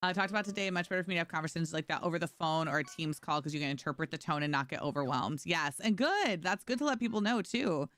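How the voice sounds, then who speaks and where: Woman, from New York, game streamer, chatty, sarcastic, lowish voice, smooth clear tone, dry close mic. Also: fast, hardly any pauses, fairly bright tone, no room sound. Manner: chatty, sarcastic, reads chat aloud and answers it. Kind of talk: casual chat with stream chat while gaming.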